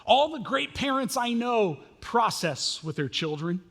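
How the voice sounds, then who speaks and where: A man in his thirties preaching a sermon as pastor, animated and self-mocking as he tells family stories. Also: very high voice, unhurried. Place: church sanctuary. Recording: long reverb of a church hall.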